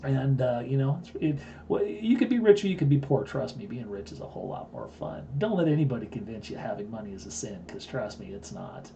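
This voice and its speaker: A man in his fifties with a gravelly, dark voice that sounds rough at the edges. He talks to his live-stream viewers in a blunt, boastful way, full of asides and restarts, and the audio has a dull, lo-fi quality. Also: mid-range voice, very animated, fairly quick, hardly any pauses, slight background noise. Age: 50s. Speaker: live-stream host and trading teacher. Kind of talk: casual live-stream storytelling.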